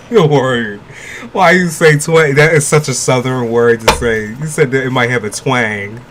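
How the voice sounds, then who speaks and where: A man's voice: medium pitch, wildly swooping pitch, takes it slowly, noisy background. A man giving a tarot reading on a livestream in casual chat with viewers, loose, joking and profane, blunt with his advice and laughing often. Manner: blunt, gives frank advice.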